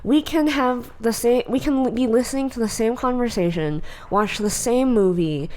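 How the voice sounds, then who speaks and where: A woman co-hosting a podcast in casual chat, blunt and opinionated, telling stories in an animated way. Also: fairly high pitch, normal speed. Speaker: podcast co-host.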